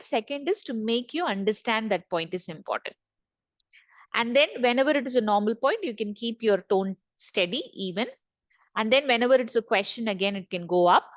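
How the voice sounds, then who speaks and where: A woman corporate trainer leads an online session over a video call, repeating key points and putting questions to the group. Her voice is a little high, with no echo.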